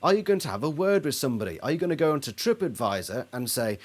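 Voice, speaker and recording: A man's voice: medium pitch, big pitch swings, fast talker. A man ranting about a band in a sarcastic, indignant video monologue. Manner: indignant, sarcastic, mocks others in put-on voices. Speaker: album reviewer.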